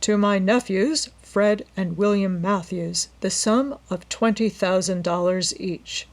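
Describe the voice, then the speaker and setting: A woman voicing a calm, courteous middle-aged male lawyer with a polite, measured manner in a storybook reading. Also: medium pitch. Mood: formal reading.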